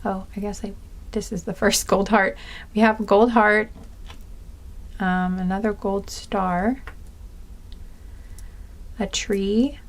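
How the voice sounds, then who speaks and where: A woman's voice: mid-range voice, steady tone. A woman doing a pick-a-card reading, chatting casually and giggling now and then while she is tired with a sore back. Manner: slow, meandering, giggly, talks to viewers as guys. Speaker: tarot reader.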